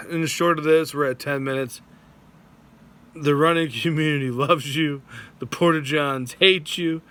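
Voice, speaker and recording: A man telling a funny personal running story in a vlog, animated, cursing freely and acting out the quotes. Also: on the high side, measured pace. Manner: animated, swearing, voices his wife and himself in quotes. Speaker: vlogger. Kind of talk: comic storytelling.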